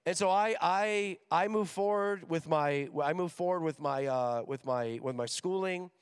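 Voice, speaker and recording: A man with a high voice preaching to a crowd of students in a big hall, his words trailing off in a long reverb. He talks with energy, jokes with the room and slips into quick voices for the people in his stories. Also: clean tone. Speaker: missions director speaking at a school chapel. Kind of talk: sermon. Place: large hall with an audience.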